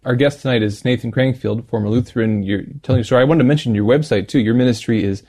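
A male talk show host speaks at a brisk pace. He reflects thoughtfully on his guest's points and often affirms them. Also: medium pitch, dark tone. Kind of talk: faith talk show interview.

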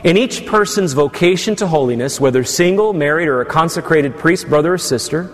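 Priest guy preaching, kinda high voice, long reverb from the church. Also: animated, fairly quick. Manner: preaching with teasing asides to the congregation. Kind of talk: sermon.

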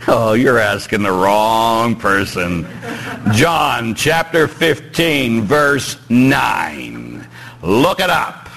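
Lively animated priest preaching. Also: male voice, very slow, creaky, a little hiss or hum, low-quality recording. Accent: Pittsburgh. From Pittsburgh. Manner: animated, joking with congregation, rising emphatic pitch. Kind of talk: sermon. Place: church.

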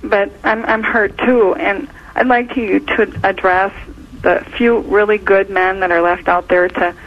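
A woman caller from Minnesota asking a rambling, gushing question. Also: medium pitch. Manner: gushing, rambling, many fillers. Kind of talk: call-in question. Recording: dull phone line with faint hiss.

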